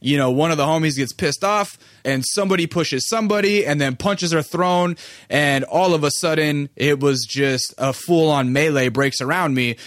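A man's voice: fairly high pitch, normal speed, fairly bright tone, no echo, clean studio sound. A man hosting a podcast, telling a story in a loose, profane way with lots of fillers. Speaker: podcast host. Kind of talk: casual storytelling monologue.

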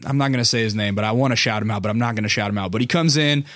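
A man's voice: medium pitch, racing, fairly bright tone, dry recording, clean studio sound. A man in his thirties hosting a podcast, telling a story in a loose, profane, chatty way with lots of fillers. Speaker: podcast host. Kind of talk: casual storytelling monologue.

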